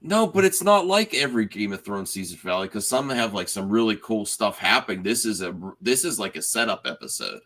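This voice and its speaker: Man with a bright, lively chat voice. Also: on the low side, brisk, hardly any pauses. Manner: animated, restarts sentences often. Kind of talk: casual spoiler chat.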